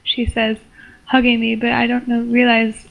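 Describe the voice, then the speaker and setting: A young woman reading her homemade story aloud in a flat, stumbling way. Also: on the high side, normal speed, gravelly, phone-quality sound. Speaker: story reader.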